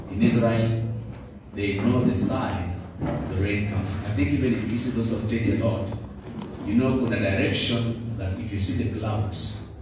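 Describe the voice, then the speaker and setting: Exhorting Kenyan man in an echoey church. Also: on the low side. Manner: exhorting, call-and-response with the congregation. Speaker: church speaker, not a preacher. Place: church building. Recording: echoey church from a distance with background noise.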